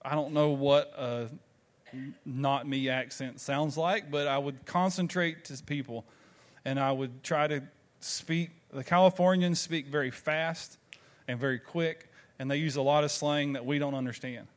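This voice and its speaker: With a Southern American accent, a pastor from the Southern United States preaches at a measured pace in a fairly high voice with fairly even intonation. He weaves in conversational stories and asks his congregation rhetorical questions.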